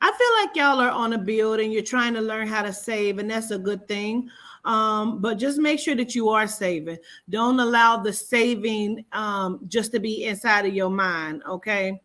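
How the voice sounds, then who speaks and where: A woman's voice: mid-range voice, normal speed, fairly bright tone. A woman giving a casual astrology reading, talking to viewers in a chatty, playful, profane way. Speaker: horoscope reader.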